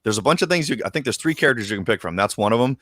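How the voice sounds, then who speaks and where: A man co-hosting a podcast in casual chat, excitable and slangy, swearing casually. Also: very fast, dry recording, studio quality. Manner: excitable, slangy, swears casually, jumps into high voices for quoted lines. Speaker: podcast co-host.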